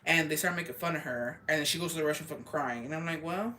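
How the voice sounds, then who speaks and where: A young woman streamer chats loosely about her school days in a bright, forceful, low-pitched voice at a rapid-fire pace. She swears freely, rambles from point to point, and speaks bluntly.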